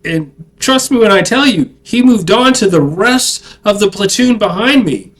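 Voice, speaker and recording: High-voiced man telling a rambling war story. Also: lively intonation, a little slow, a bit bright, low-quality recording. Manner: rambling, profane, self-mocking. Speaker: army veteran storyteller. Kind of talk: casual storytelling monologue.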